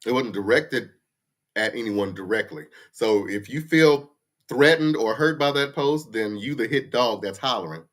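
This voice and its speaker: A man in his 50s hosting a casual livestream chat rants with blunt profanity into his computer mic. He talks at normal speed in an expressive, mid-range voice with a fairly bright tone.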